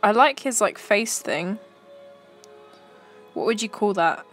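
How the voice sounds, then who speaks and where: A woman's voice: medium pitch, animated, takes it slowly, fairly bright tone, faint music behind. A young woman chatting casually to her stream while browsing pictures, giggly and talking to herself.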